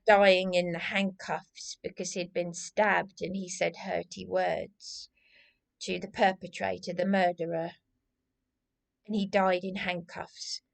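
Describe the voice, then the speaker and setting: This agitated woman's vlog monologue rambles and loops back on itself, full of repetition and restarts. Her voice is fairly low, flat and creaky, and she takes it slowly.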